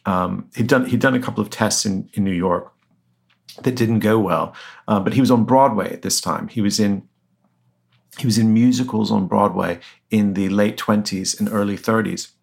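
A man with a fairly low voice answers questions about his book in a loose, conversational way. He talks with plenty of fillers, pauses and restarts. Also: steady tone, gravelly. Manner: hesitant, many fillers and restarts. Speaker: author guest.

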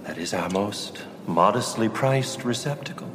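A prim, hushed mortician. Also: male voice, lowish voice, animated, measured pace, slight background noise. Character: stiff, formal male mortician. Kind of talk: film dialogue. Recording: echoey hall, voice off-mic.

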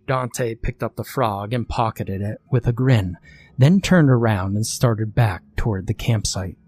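A man narrating a scripted horror story in a steady, measured way. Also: fairly low pitch.

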